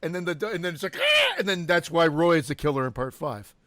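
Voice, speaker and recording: A man's voice: fairly high pitch, fast talker, fairly bright tone, no echo, clean studio sound. A man co-hosting a horror movie podcast in casual chat, joking, laughing often and acting out bits. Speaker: podcast co-host.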